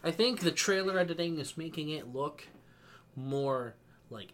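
A man's voice: on the high side, unhurried, a bit bright. A man co-hosting a casual podcast about movies and games, laughing often and trailing off into mumbles. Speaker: podcast co-host.

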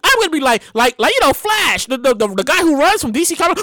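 A woman giving comedic commentary, animated and incredulous, exclaiming and laughing. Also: high-pitched, fast talker, hardly any pauses, no echo.

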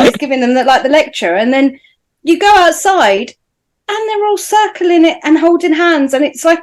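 Casting: woman, high voice, dry humorous podcast retelling. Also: animated, moderate pace. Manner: wry, recounts scenes with quoted lines. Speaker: podcast co-host. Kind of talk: casual film discussion.

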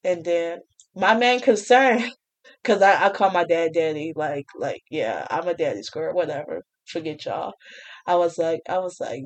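A woman's voice: mid-range voice, takes it slowly. A young woman telling a casual storytime, chatty, with frequent laughs and restarts. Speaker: vlogger.

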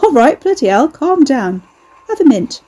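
A woman's voice: high voice, very animated, normal speed, dark tone, pitched above the performer's own voice. A woman voicing a brash, leering British man with a put-on Cockney accent who taunts and mocks. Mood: taunting.

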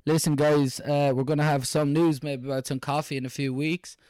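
A man's voice: fairly high pitch, little pitch movement, brisk, darkish tone, clean tone, no room sound, studio quality. A young Irish man co-hosting a podcast, chatting casually and joking, with plenty of fillers. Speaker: podcast co-host. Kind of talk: casual chat.

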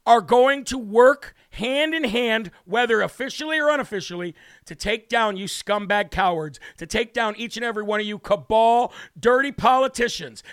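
Brash male talk host, high-pitched and close-miked, worked-up combative monologue. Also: fairly bright tone, no echo. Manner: brash, combative, repetitive declarations. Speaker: political talk show host. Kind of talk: heated political commentary monologue.

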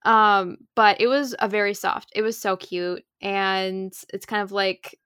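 A woman's voice: medium pitch, steady tone, measured pace, fairly bright tone, clear, resonant tone, no echo, clean studio sound. A woman in her twenties co-hosting a podcast, chatting casually with lots of "like" and "um". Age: 20s. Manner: chatty, filler-heavy with frequent "like" and "um". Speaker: podcast co-host. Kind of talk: casual chat.

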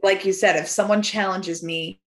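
A woman co-hosting a podcast, chatting casually and getting animated and loud as she tells a story. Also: mid-range voice, moderate pace, roomy sound. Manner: animated, swearing, rising to shouts when telling a story. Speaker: podcast co-host. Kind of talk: casual chat.

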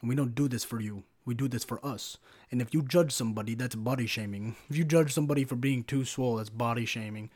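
A man's voice: mid-range voice, fast, a little mellow, breathy edge, lightly acted. A man putting on a hulking smug steroid bodybuilder. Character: hulking steroid-using male bodybuilder, smug, foreign-accented.

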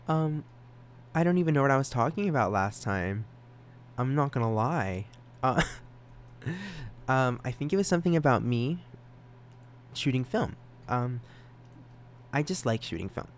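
A teenage boy hosting his own podcast, rambling and self-deprecating, giggling and jumping into sudden high silly voices. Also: expressive, a little slow, long pauses. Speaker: podcast host.

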